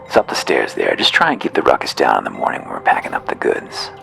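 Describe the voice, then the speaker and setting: Man reads pushy merchant, folksy drawl, lively swings in the delivery. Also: extremely low pitch, fast talker, gravelly, heavily acted. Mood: welcoming. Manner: salesman patter, drawling folksy slang. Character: folksy fast-talking male mushroom merchant, pushy.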